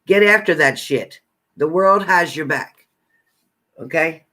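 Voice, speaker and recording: A man's voice: a little high, expressive, slow pace, sharp tone. A man acting as a psychic card reader, giving blunt zodiac messages in profane, repetitive, bossy tough-love commands.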